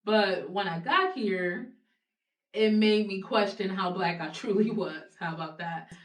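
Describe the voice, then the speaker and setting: Unhurried and mid-pitched, a young Ohio woman talks frankly as a guest in a relaxed interview, cursing freely and laughing between her points with animated energy. A distant mic gives the audio a roomy quality.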